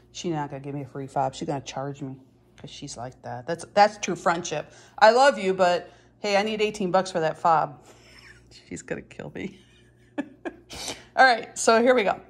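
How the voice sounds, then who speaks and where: Middle-aged woman, slightly low voice, casual joking crafting tutorial. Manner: chatty, joking, self-deprecating. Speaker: cross-stitch vlogger.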